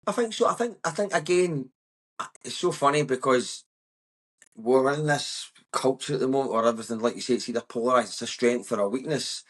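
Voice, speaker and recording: A man's voice: mid-range voice, a little fast, breathy edge. A Scottish man in his thirties with a West of Scotland accent, a comedian guest talking candidly, bluntly and emphatically, with frequent swearing. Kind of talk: candid conversation.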